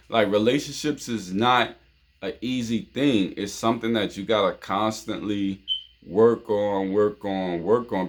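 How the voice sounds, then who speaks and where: A man from New York hosting his own show, giving relationship advice in an informal monologue full of "you know what I'm saying" and repeated phrases. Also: mid-range voice. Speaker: show host.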